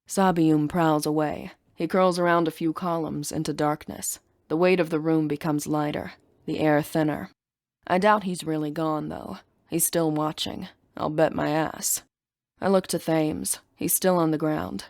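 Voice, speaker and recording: A woman narrating a first-person fantasy audiobook in a brisk, sarcastic, emphatic way. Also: sits low, steady tone, vocal fry, darkish tone, no room sound, studio quality.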